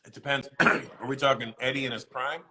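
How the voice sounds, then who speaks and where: Bright-voiced middle-aged comedian telling stories. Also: male voice, medium pitch, brisk, poor audio. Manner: animated storyteller, acts out quoted voices. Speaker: comedian, interview guest. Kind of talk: casual interview chat.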